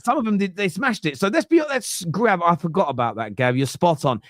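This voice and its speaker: A man's voice: sits high, animated, a little fast, a bit bright, no room sound, studio quality. A man hosting a casual football podcast, talking bluntly and opinionatedly and swearing freely. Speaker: podcast host.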